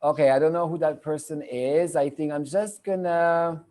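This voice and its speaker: Soft music plays behind a middle-aged man with a French accent whose fairly high, dark voice stays steady at normal speed. Hosting a live video-call show as a medium, he rambles chattily and repeats himself, picked up by his computer mic.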